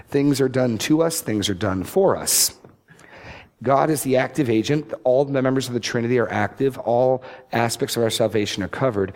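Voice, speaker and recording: A man giving expository Bible teaching, reading scripture slowly and stressing key words. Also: mid-range voice, darkish tone. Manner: deliberate, emphatic scripture reading.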